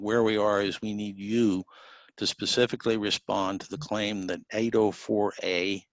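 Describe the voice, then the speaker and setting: A man presiding as judge over a mock trial on a video call, speaking in a deliberate, formal, instructive way. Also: on the low side, dry recording. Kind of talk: courtroom proceedings. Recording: dull dry video-call audio.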